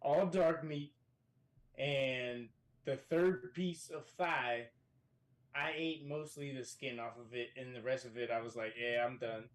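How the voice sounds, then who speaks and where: A man talking as a guest on a casual podcast from a hotel room, telling profane, animated stories. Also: mid-range voice, a little slow.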